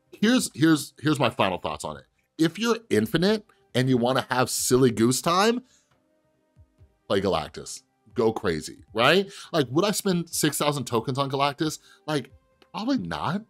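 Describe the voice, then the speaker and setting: A man casually commentating his own card game play and chatting directly to his viewers, with sudden bursts of excitement. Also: mid-range voice. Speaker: gaming video host.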